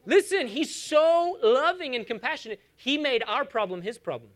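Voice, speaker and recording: A pastor in his thirties delivers a sermon in a high voice that swings widely in pitch. His manner is conversational and animated, with humorous asides and emphatic repetition. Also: normal speed, hardly any pauses.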